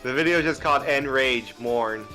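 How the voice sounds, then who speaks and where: A man's voice: mid-range voice, moderate pace, pushed and bright, faint music behind. A man hosting a casual stream chat, rambling and restarting his sentences in an easygoing way. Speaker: streamer host.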